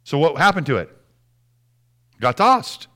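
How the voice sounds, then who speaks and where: Pastor, male, middle-aged, higher-pitched voice, lively preaching with hushed drops. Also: unhurried. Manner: animated preaching, dropping to soft near-whispers for emphasis. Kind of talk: sermon.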